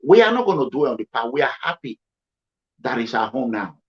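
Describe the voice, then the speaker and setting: Fairly quick and very animated, this man from Edo State vlogs commentary in a Nigerian accent. He drives points home by repeating himself, emphatic and swinging from low to high pitch, all over dull lo-fi audio.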